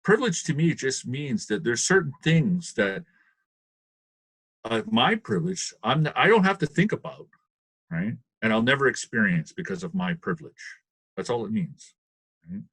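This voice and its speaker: A man's voice: medium pitch, big pitch swings, moderate pace, fairly bright tone, breathy edge, no echo. A man on a webinar panel who talks in loose, rambling bursts and keeps checking in with "right?". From Canada. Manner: rambling, often asks "right?", laughs often. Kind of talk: casual panel discussion. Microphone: video call.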